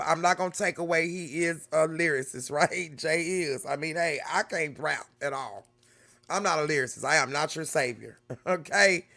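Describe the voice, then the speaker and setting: A man reacting to a clip in a chatty, casual way, laughing often and speaking to viewers as y'all. His voice is high and bright, with a gravelly fry underneath. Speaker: reaction video host.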